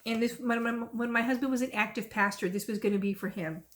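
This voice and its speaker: A middle-aged woman with a drawl talks through her cross stitch projects in a relaxed, rambling way. Her voice sits a little high, and she gets lively as she tells a story. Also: quick pace. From Texas. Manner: chatty, rambling, lively when retelling stories. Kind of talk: casual chat and storytelling.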